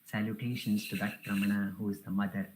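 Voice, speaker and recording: A woman's voice: rumbling low, fairly even intonation, fast, a little mellow, slight background noise, rough recording. A woman giving a devotional talk, telling a parable in an earnest, reverent way. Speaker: spiritual speaker.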